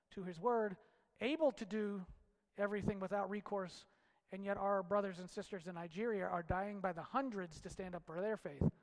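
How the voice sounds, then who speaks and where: Impassioned high-voiced male preacher. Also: long reverb tail. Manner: impassioned, swings from loud shouts to hushed low lines. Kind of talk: sermon.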